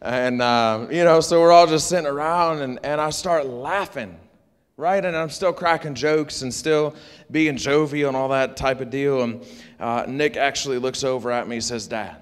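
A man preaching in a church sanctuary, his voice sitting at an ordinary middle pitch. He keeps things animated and joking, tossing call-and-response asides to the congregation, while a long hall reverb trails behind him. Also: moderate pace, smooth. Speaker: pastor. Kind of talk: sermon.

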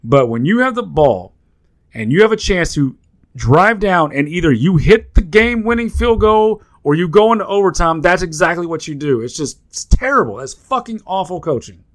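A man's voice: high-pitched, very animated, moderate pace. A man co-hosting a sports podcast, talking in a heated, profane rant full of restarts. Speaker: podcast co-host. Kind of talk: casual sports betting podcast chat.

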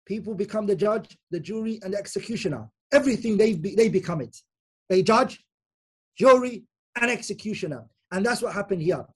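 Man, Islamic teacher, Quran commentary lecture, husky voice, explanatory, repeats for emphasis. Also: high voice, animated, a little fast. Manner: explanatory, checks in with "okay?"; repeats key phrases for emphasis.

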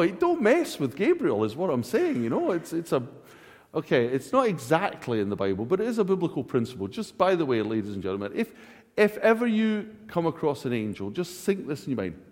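A male preacher delivering a jokey, animated sermon, his high voice swooping all over the place. It rings out with a long reverb in a large church. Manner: jokey, animated, self-laughing asides. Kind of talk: humorous sermon.

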